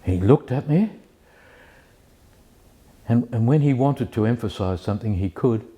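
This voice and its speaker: A man telling a personal story with many pauses and restarts, then reading poetry slowly and carefully. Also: mid-range voice, expressive, dark tone, breathy edge. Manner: hesitant, many restarts and fillers, self-deprecating; slow, measured recitation of verse. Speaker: community member sharing a personal story.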